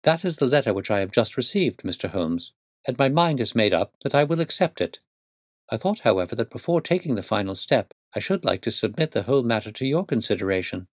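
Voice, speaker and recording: A man reading the part of a firm, proud young woman governess in a measured, formal storytelling manner. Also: medium pitch, big pitch swings, dry recording, studio quality. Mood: earnest. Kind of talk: audiobook reading.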